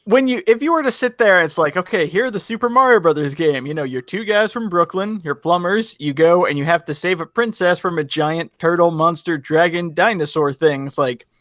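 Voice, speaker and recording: A man's voice: on the high side, fairly quick, hardly any pauses, a bit bright, no room sound, clean studio sound. A man co-hosting a casual movie commentary, rambling with lots of "like" as he argues his point. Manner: rambling, many "like"s, defensive. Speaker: podcast co-host.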